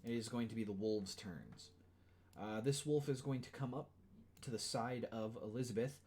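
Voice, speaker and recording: A man's voice: medium pitch, moderate pace, darkish tone, slight background noise. A man running a tabletop game as game master, casual and apologetic, with many fillers.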